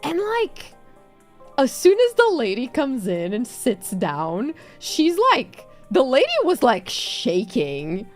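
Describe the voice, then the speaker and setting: Lively, swearing woman streamer. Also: a little high, slow pace, faint music behind. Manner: animated storytelling, swears freely, laughs often. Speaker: VTuber streamer. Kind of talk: casual stream chat.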